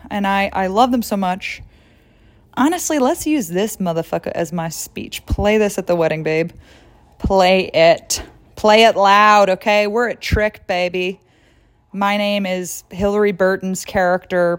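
A woman's voice: medium pitch, darkish tone. A woman hosting a casual solo podcast, rambling, jokey and profane as she talks to listeners. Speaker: podcast host.

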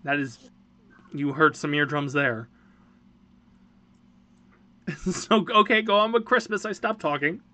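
Teasing man with a bright voice. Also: on the high side, measured pace, long pauses. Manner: teasing, dry humor. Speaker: podcast host, parent. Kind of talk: casual family podcast chat.

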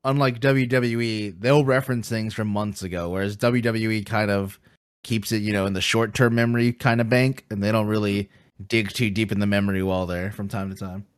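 A man's voice: on the low side, steady tone, fairly quick, smooth, dry recording, clean studio sound. A man co-hosting a podcast, recapping matches casually with lots of fillers and easy laughter. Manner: laughs easily, many fillers. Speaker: podcast co-host.

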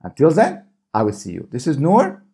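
A man's voice: fairly high pitch, wildly swooping pitch, normal speed, warm tone, husky. A man giving coaching advice to camera in a vlog, often checking in with his viewers. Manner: coaching, keeps checking in with "okay?" and "right?". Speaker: small business YouTuber.

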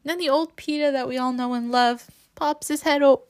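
A woman's voice: high-pitched, steady tone, normal speed. A woman hosting a podcast, recapping a book in a casual, rambling way with sarcastic asides and frequent laughs. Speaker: podcast host.

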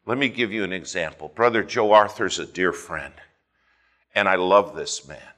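A man preaching a fervent sermon, swinging between loud emphasis and hushed asides as he tells a story. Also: deep voice, normal speed. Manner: storytelling with quoted dialogue.

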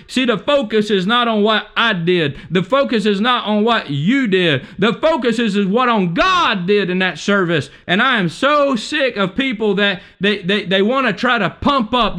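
High, bright-voiced fervent preacher man. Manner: emphatic and repetitive, stacking alliterative points; fervent preaching with many restarts. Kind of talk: sermon.

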